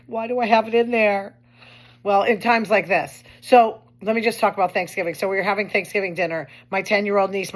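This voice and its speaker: A woman hosting her own show, talking in a chatty, wry way with complaining asides. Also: medium pitch. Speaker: host. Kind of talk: casual monologue commentary.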